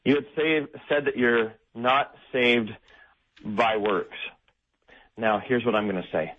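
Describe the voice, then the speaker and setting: A man who is a pastor, talking as a guest on a radio show, making his point deliberately and building toward it. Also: medium pitch, steady tone, lo-fi sound. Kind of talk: conversational Bible discussion.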